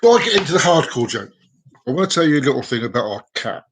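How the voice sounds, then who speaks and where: A man's voice: a little high, sing-song, very fast, background noise. A man hosting a live-streamed comedy show, rambling, self-mocking and repeating words as he tells jokes. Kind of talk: live-streamed joke telling.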